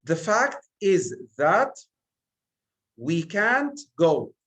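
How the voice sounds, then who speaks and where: Male teacher, very slow and deliberate, lively pitch, stresses words one at a time. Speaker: English teacher. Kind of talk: exam revision lesson.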